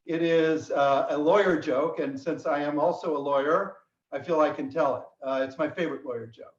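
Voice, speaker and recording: A man's voice: a little high, steady tone. Man hosting a video call roundtable. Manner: halting, many fillers, dry jokes. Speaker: host. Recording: echoey room, far from mic, dull sound.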